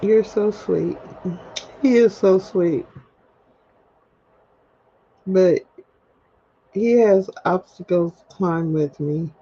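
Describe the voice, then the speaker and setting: A woman's voice: lowish voice, drawn-out words, pauses often, mellow, slightly rough. A woman hosting a solo livestream, talking candidly and chattily to her viewers and laughing at herself, recorded at home. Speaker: livestream host. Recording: dull lo-fi livestream audio.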